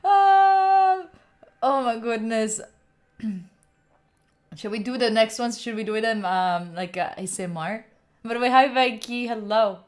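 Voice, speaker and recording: Her voice is slightly high and measured, broken up by long pauses, as an Italian woman hosts a study live stream. She keeps the chat casual and playful with her viewers, often laughing and swearing.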